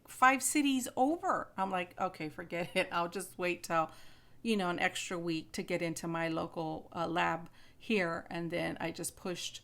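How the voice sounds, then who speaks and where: A woman in her fifties talks with her viewers in a loose, chatty way. She retells conversations and often doubles her words as she goes. Her voice sits at a middle pitch. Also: fairly bright tone. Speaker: vlogger. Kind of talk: casual chat to camera.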